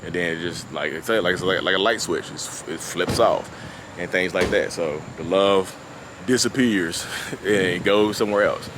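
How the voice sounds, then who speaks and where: Low-voiced man rambling outdoors by traffic. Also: normal speed. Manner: rambling and repetitive, with constant "you know what I mean". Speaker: vlogger discussing his own narcissism. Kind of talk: casual unscripted monologue. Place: outdoors at a beach. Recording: outdoor ambience with passing traffic.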